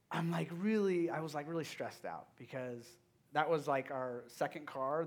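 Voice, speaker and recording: A man in his thirties, a youth pastor giving a casual sermon, telling stories in an animated way with many fillers. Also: mid-range voice.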